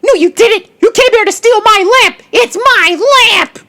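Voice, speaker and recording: A performer voicing Dottie, a loud, excitable cartoonish woman who shouts her lines. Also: unhurried, heavily acted. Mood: indignant. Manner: shrill and shouty.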